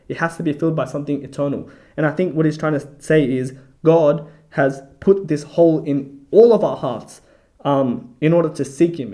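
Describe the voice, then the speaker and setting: A man's voice: fairly high pitch, mellow. A man doing a casual Bible study video, reading verses aloud and then thinking aloud about them, rambling with lots of "you know" and "like". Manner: unsure and self-correcting. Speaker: video host reviewing a book of scripture.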